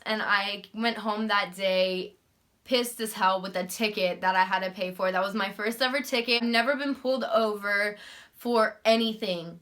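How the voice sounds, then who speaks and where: A young woman vlogger telling a story in a casual, animated, profane and sarcastic way. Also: medium pitch.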